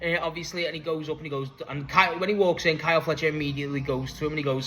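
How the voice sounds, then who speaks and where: A young man casually recapping and reviewing a wrestling show, excitable, swearing freely and laughing often. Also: a little high, rapid-fire, hardly any pauses, a little hiss or hum, poor audio.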